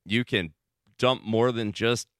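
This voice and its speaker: A man's voice: fairly low pitch, slow pace, fairly bright tone, no echo, studio quality. A man hamming up a flirty talking trash can. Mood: mock-seductive. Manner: hammy, mock-seductive.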